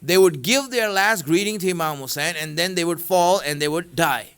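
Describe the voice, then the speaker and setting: A man's voice: on the high side, normal speed, a bit bright, smooth. A man giving a sermon, telling a story in a conversational way. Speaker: religious speaker.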